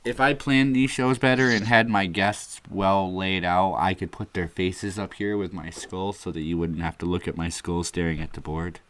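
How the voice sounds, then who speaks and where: A man's voice: deep voice, fairly even intonation, moderate pace, hardly any pauses, a bit bright, slight background noise. A man hosting a casual livestream chat, rambling and talking himself through his computer troubles at the desk mic. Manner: rambling, narrates his own fumbling with the computer. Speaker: livestream host.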